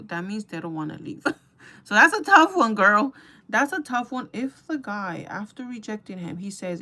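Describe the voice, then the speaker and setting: A woman's voice: medium pitch, big pitch swings, moderate pace, bright, forceful tone. A young woman chatting casually to her viewers while doing her makeup, gossipy and talkative, calling them girl and guys. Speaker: beauty vlogger.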